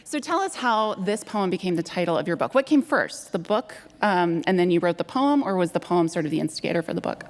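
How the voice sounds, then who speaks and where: Live-event host: woman, lower voice, chatty and upbeat, in a hall with long reverb. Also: expressive, fairly quick, hardly any pauses. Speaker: guest host. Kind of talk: live stage interview. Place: theater stage before an audience.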